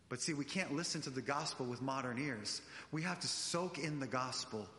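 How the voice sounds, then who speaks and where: A man delivering an animated sermon, speaking directly to the congregation in a church. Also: on the high side, moderate pace, few pauses, slight background noise. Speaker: preacher. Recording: echoey church hall.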